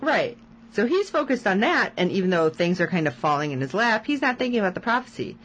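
A woman in casual podcast chat, recapping a TV episode with a lively, swooping voice. She talks at a medium pitch, often slipping into quoted lines from the show. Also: fast, a little hiss or hum, low-quality recording. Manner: animated, retells scenes with quoted lines. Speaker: podcast co-host.

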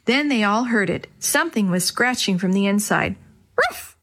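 A woman narrating a children's storybook chapter in a clear, expressive way. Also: medium pitch, normal speed. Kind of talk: storybook reading.

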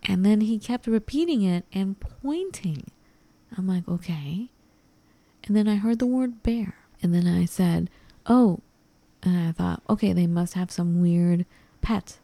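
A woman's voice: medium pitch, moderate pace, vocal fry, dry recording. A woman co-hosting a podcast, chatting casually and acting out the lines of the people in her story. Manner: animated, acts out quoted dialogue. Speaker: podcast co-host.

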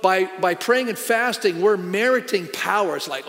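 A man's voice: high voice, lively intonation, moderate pace, a bit bright, big-room sound, soft background music. A middle-aged man, a pastor, preaching a sermon in a conversational, storytelling way with emphatic punches.

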